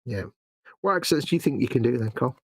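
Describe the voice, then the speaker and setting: Husky middle-aged man, teasing. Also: medium pitch, expressive, fast, no echo. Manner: teasing, jokey. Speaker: co-host of a live hobby stream. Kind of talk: casual banter.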